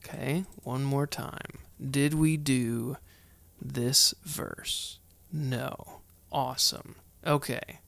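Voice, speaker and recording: A man's voice: medium pitch, fairly even intonation, drawn-out words, creaky, fairly bright tone, dry recording. A man hosting a solo Bible study podcast, chatty and heartfelt, thinking aloud as he goes. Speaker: podcast host.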